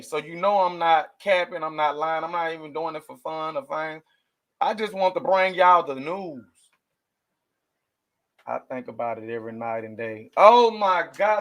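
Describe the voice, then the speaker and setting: A man's voice: a little high, measured pace, fairly bright tone. A man doing casual news commentary for his viewers, rambling and emotional as he talks straight to the audience. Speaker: commentary vlogger.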